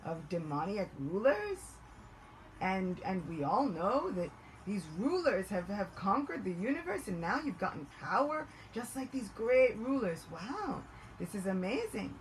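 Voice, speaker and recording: A woman voicing a charming, persuasive young male priest who coaxes with soft hesitant asides. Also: medium pitch, big pitch swings, a little slow, slight background noise, poor audio. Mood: coaxing. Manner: smooth, coaxing, hesitant fillers.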